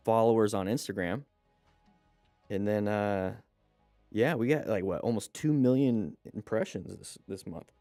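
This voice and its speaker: A man hosts a live stream in a relaxed, chatty way, greeting viewers and reading their comments aloud. His voice sits a little low and sounds smooth and clear. The recording is dry and close, with faint music underneath. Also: no echo. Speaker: live stream host and riding instructor. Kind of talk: casual live stream chat.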